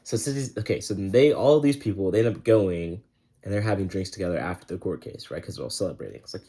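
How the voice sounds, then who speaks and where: A man's voice: on the low side, animated, fast talker, dark tone. A young man giving a casual, rambling book review, full of slang and filler words.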